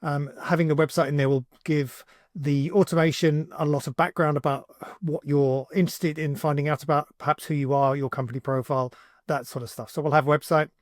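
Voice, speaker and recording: A man hosting a software tutorial, talking casually and thinking aloud with fillers as he builds something on screen. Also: a little high, fairly even intonation, brisk, dry recording, clean studio sound. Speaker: tutorial host, agency owner.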